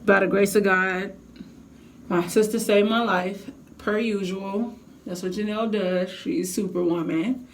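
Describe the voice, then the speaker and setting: A young woman vlogging from home, telling a heated storytime with lots of swearing. Her voice is of ordinary pitch for a woman, and she talks straight to her viewers. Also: unhurried, a little hiss or hum. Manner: animated, profane venting storytelling. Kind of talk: casual storytime vlog.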